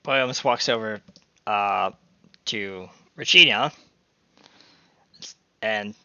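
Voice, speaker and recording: A man's voice: lowish voice, slow pace, sharp tone, smooth, dry recording, muffled recording. A man playing a tabletop game on a headset from his bedroom, rambling and self-deprecating with hesitant fillers. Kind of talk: casual chat with in-character narration. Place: home bedroom.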